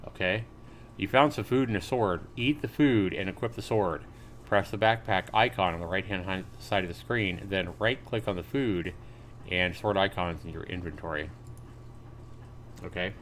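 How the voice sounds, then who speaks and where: A man's voice: low voice, normal speed, fairly bright tone, slight background noise. A man live-streaming a game, reading on-screen text aloud and chatting casually with viewers as he plays. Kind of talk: live gameplay commentary.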